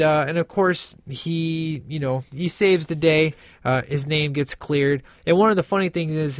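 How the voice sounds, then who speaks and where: A man's voice: fairly high pitch, no room sound, clean studio sound. A man giving a casual spoken film review, rambling with lots of "uh" and "you know" and quoting lines from the movie. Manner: rambling, many fillers, quotes lines from the film.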